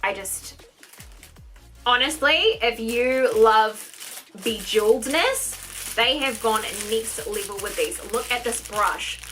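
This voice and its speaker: Young woman unboxing makeup, super excited, gasps a lot, bright voice, light music behind. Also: fairly high pitch, slow. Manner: gushing, gasping, exclaims constantly. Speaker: beauty vlogger.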